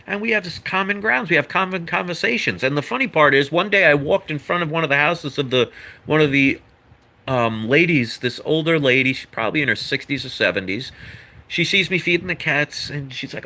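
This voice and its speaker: A man's voice: a little high, lively intonation, brisk, pushed and bright. A man giving an earnest, rambling opinion monologue as a vlogger. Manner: earnest, lecturing, rambling with asides.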